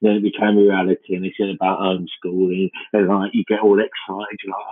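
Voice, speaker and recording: A man hosting a comedy podcast, rambling through a self-mocking comic monologue in a deadpan way. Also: deep voice, a little fast, few pauses. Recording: band-limited, phone-like sound.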